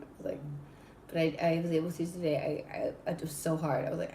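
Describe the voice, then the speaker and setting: A woman from Southern California, a podcast guest telling stories in a dramatic, animated way that sometimes trails off sleepily. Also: fairly low pitch, fast, distant mic, slight background noise. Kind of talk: casual storytelling chat. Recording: echoey room, away from the mic.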